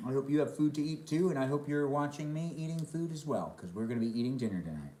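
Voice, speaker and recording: A man's voice: a little high, lively intonation, fast talker, warm tone, roomy sound, slight background noise. A man chatting casually on a live stream while eating dinner, reading and answering chat comments between bites. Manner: talks between bites of food.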